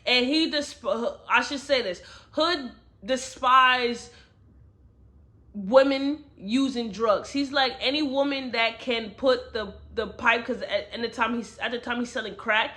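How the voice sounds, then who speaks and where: Chatty bright-voiced woman recapping a novel. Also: on the high side, unhurried. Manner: chatty retelling full of slang and "you know" asides. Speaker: book reviewer. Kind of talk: casual book review recap.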